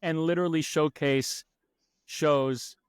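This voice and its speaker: Brief: casual male host with a somewhat high voice, dry and close. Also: fairly even intonation, slow pace, clean tone, no room sound. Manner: brief, affirming interjections. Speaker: podcast host. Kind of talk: casual chat.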